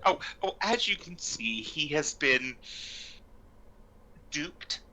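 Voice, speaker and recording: A player speaking in character in a tabletop game, polite and measured. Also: medium pitch, sing-song, sharp tone, poor audio. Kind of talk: tabletop role-play.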